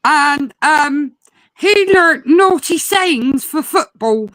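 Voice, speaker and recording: A woman with a high voice tells lively, rambling stories in casual chat. She slips into quick imitations of a swearing parrot. The sound is dry and close. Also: no echo, low-quality recording. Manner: animated storyteller, mimics a swearing parrot.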